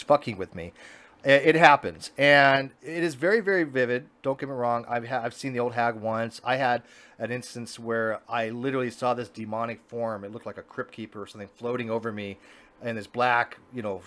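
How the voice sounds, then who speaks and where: A man's voice: medium pitch, a bit bright. A man hosting a casual online debate show, blunt and swearing freely over a video call. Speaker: host, Navy veteran.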